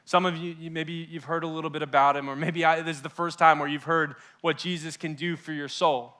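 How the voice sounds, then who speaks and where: A young male youth pastor preaching a sermon with passion, swinging between loud and hushed and acting out what his listeners might be thinking. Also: a little high, steady tone, brisk. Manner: acts out listeners' inner voices.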